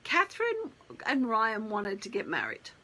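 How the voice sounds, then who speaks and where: A woman's voice: on the high side, wildly swooping pitch, measured pace, sharp tone, poor audio. A middle-aged woman wedding planner telling wedding stories in a chatty, rambling way full of asides. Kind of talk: casual storytelling.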